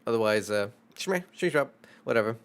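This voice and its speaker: A man's voice: medium pitch, lively intonation, moderate pace. A young man, a streamer, chatting casually in a rambling, self-deprecating way, swearing freely. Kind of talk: casual chat.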